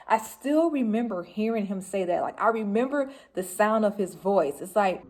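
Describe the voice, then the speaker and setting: Animated woman telling a story. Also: medium pitch, moderate pace, hardly any pauses. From Detroit, Michigan, US. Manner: animated, laughing, shrieks when reliving excitement. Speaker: vlogger telling a personal story. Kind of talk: casual storytelling to camera. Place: home room with laundry behind.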